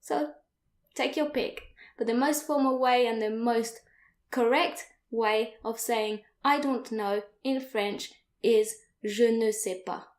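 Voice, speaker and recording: Young woman, language teacher, higher voice, slow careful delivery, echoey room. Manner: slow, careful, repeats phrases for learners. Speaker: French teacher. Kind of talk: online language lesson.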